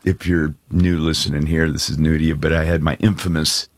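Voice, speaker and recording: Middle aged guy hosting christian radio, real deep husky voice, tells stories all lively, dry studio sound. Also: fairly quick, no room sound. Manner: animated storyteller, laughs often, does voices in quotes. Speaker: radio show host and speaker. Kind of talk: storytelling and devotional radio talk.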